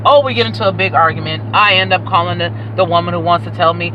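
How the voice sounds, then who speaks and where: A woman's voice: on the low side, fast, hardly any pauses, muffled recording, slight background noise. A middle-aged woman, telling a story as a vlogger, emphatic and exasperated, repeating words for effect. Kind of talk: animated storytelling rant. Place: parked car.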